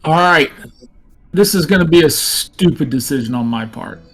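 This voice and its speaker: Brief: male player, higher pitch, self-deprecating and lively. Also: moderate pace, soft background music, low-quality recording. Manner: self-mocking, lively describing of action. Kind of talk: tabletop game play.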